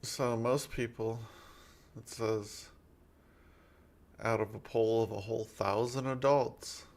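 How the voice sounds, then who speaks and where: A tired man co-hosting a casual chat, reading out poll results in a sleepy-sounding, gravelly voice. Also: medium pitch, steady tone, slow, darkish tone.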